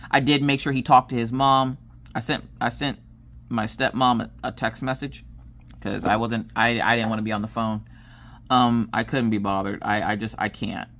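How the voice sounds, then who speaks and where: A woman's voice: rumbling low, normal speed. A woman in her thirties, a crafting vlogger, casually telling a family story and acting out what everyone said. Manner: animated, acts out quoted dialogue.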